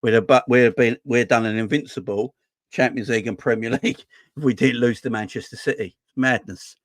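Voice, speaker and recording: A man with a medium-pitched, steady voice talks fairly quickly on his football fan channel, captured in a dry recording. His casual opinion monologue rambles, repeats phrases, and keeps checking in with "yeah?" and "right?"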